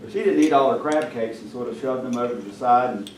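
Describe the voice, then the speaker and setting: A man's voice: mid-range voice, fast. A man spins a folksy story for his club in an easygoing, homespun way. He is heard from a distance in an echoey room with noise behind him. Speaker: club member. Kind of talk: anecdote.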